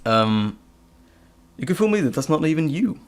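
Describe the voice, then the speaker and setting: A man's voice: fairly high pitch, very animated, normal speed. A man hosting a casual live stream, reading chat questions aloud with frequent ums and hesitations. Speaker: live stream host and audio creator.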